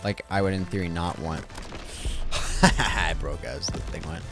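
In a low, unhurried voice, a man streaming a game chats to himself, joking and rambling through casual commentary as he plays. Game music runs in the background.

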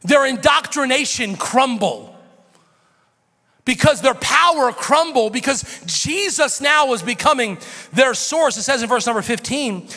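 An American pastor in his forties preaching a sermon, swinging from shouted intensity to a hushed near-whisper. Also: extremely high pitch. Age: 40s. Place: church sanctuary. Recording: reverberant church sanctuary.

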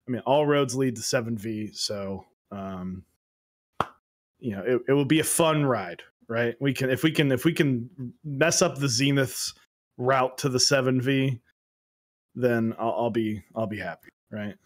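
A man's voice: mid-range voice, unhurried. A young man co-hosting a casual livestream chat, laid-back, telling stories and acting out the people he quotes. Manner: laid-back storytelling, acts out quoted kids. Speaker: co-host.

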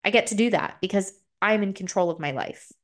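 A young adult woman hosting a solo podcast, talking openly and emotionally and swearing freely, her voice jumping up high when she gets excited. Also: fairly quick. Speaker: podcast host. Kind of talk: solo confessional podcast talk.

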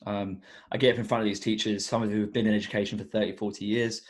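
A man's voice: fairly low pitch, flat delivery, quick pace. A young man who works as an education coach, talking earnestly and reflectively as a guest on a podcast, with many fillers. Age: young adult. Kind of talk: casual podcast interview.

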